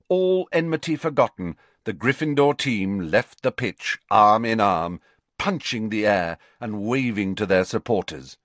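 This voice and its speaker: Animated male audiobook narrator. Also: fairly low pitch, no echo. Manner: animated, dramatic reading. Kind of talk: scripted narration.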